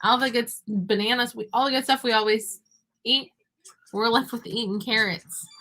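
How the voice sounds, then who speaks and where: Young chatty homeschool mom, high and bright. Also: female voice, steady tone, normal speed. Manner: chatty, talking with her child between points. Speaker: homeschooling mother and online teacher. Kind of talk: casual talk to camera.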